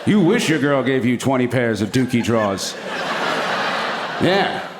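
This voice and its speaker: A man's voice: medium pitch, big pitch swings, measured pace, big-room sound, background noise. A man doing stand-up storytelling on stage in a crude, rambling, profane way. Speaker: stand-up comedian. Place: comedy stage before an audience.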